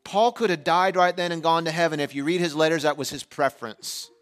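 A man in his forties preaching a sermon as pastor, animated and shifting between loud emphasis and hushed asides, in a church. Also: fairly high pitch, a little fast, faint music behind. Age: 40s.

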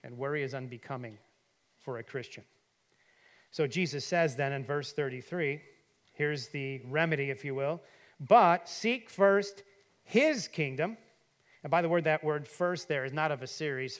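A middle-aged male pastor preaching a sermon, asking rhetorical questions and leaning hard on quoted verses, then dropping quiet for asides. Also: normal speed. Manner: drops to a quiet, low voice for asides.

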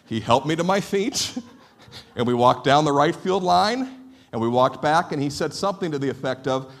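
A man's voice: on the high side, expressive, normal speed. A male pastor preaching a sermon, telling stories with a humorous, self-deprecating manner. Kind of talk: sermon with storytelling.

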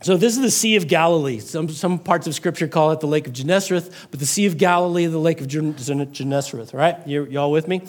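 A man's voice: a little high, fast, few pauses. A man preaching a casual sermon, repeating words and quizzing his congregation with questions. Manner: repeats words while thinking. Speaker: pastor.

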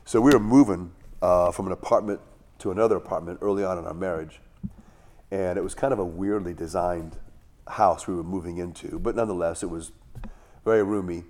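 A man's voice: low voice, steady tone, a little fast, darkish tone. A middle-aged male pastor giving a sermon in a conversational way, with rhetorical questions and asides.

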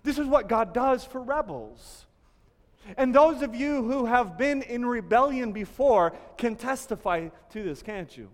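Earnest pastor preaching in a reverberant hall. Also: male voice, extremely high pitch, animated, unhurried. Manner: earnest, varies between hushed and emphatic. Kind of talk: sermon.

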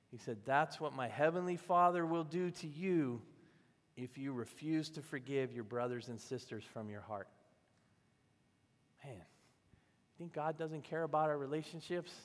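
A man's voice: medium pitch, normal speed, pauses often, darkish tone. Pastor preaching in a reverberant hall, man. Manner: conversational storytelling, acting out voices in the parable. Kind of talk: sermon.

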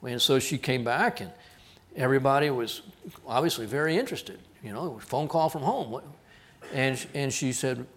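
A male pastor preaching a sermon, telling a story with lively acted-out dialogue. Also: mid-range voice, normal speed, pauses often. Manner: animated storyteller, acts out quoted voices. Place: church.

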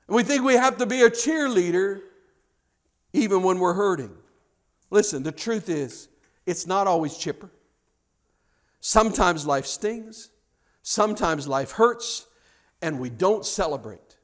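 A pastor preaching a conversational sermon, often repeating words as he goes and swinging from hushed, low passages to loud, excited ones. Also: a little slow.

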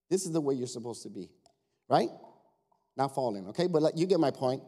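Pastor guy preaching, animated, talks right to the church, mellow voice. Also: a little high, fairly quick, long pauses, slightly rough. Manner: animated, talks to the congregation, jokes, switches to quiet asides. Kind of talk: lively sermon.

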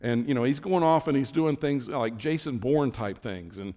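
A man's voice: mid-range voice, normal speed, warm tone, in a large hall. A man preaching a sermon as pastor, conversational, with frequent restarts and asides.

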